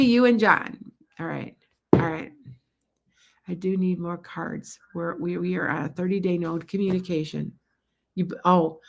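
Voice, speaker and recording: A woman's voice: on the low side, a bit bright. A middle-aged woman doing a live-streamed tarot reading, chatting casually and calling out viewers by name. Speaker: psychic tarot reader.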